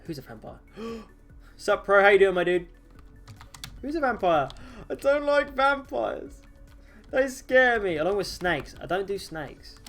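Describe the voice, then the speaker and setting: A man's voice: sits high, sing-song, unhurried, pauses often, a bit bright, faint music behind. A man streaming a game live, chatting casually with viewers in silly, jokey banter and laughing often. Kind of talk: casual live-stream chat while gaming.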